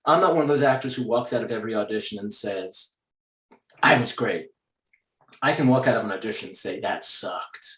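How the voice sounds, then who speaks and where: A male actor being interviewed who explains his craft at length in a lively conversational way. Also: fairly low pitch, very fast. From New York. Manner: explanatory, breaks into accent demonstrations. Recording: roomy echo.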